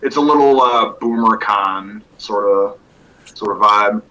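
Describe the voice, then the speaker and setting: A man's voice: fairly low pitch, measured pace, bright, forceful tone, low-quality recording. A man appearing as a guest in a casual chat, blunt and profane. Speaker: guest YouTuber.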